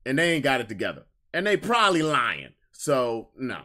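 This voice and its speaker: Young man, casual podcast host, slangy, emphatic, repeats himself, mid-pitched. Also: huge pitch swings, normal speed, bright, forceful tone. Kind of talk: casual livestream chat.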